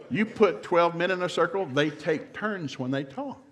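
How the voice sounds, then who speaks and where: Speaking at normal speed with an expressive, somewhat high voice, this middle-aged guest speaker jokes his way through a marriage seminar. He keeps it folksy and plays out both sides of couples' conversations.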